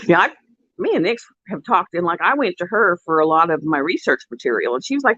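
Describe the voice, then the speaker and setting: A woman in her fifties chatting casually to her viewers, rambling through stories and jumping up high when she quotes people. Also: very animated, quick pace, a bit bright, no room sound, dull audio. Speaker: vlogger.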